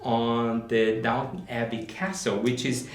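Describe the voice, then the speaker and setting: A man co-hosting a film podcast in casual chat, enthusiastic and halting, with many fillers. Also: mid-range voice, steady tone. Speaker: podcast co-host, film reviewer. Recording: echoey room.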